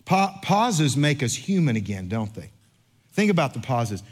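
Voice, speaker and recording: A middle-aged male pastor preaching a sermon, telling a lively story with acted-out voices, then slowing to read and unpack scripture. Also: mid-range voice. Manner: animated storyteller, acts out other voices, then slows for scripture.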